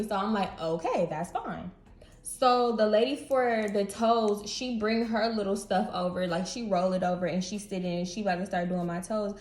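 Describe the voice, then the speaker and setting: A young woman casually telling a storytime story to her viewers, animated and slangy, speaking straight to camera. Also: medium pitch. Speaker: beauty vlogger. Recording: roomy echo.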